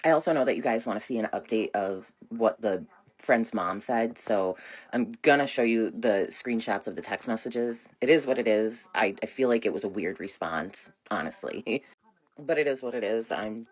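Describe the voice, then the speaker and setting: A woman's voice: extremely low pitch, normal speed, slightly rough. A woman in her thirties telling a personal story in a casual vlog, rambling and full of "like". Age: 30s.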